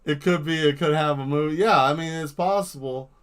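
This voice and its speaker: A man chatting casually on an art livestream while he draws, spinning rambling, animated stories. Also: fairly high pitch, fairly quick, clear, resonant tone. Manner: rambling, animated storytelling that jumps into silly voices. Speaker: livestream artist. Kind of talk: casual live-stream chat while drawing.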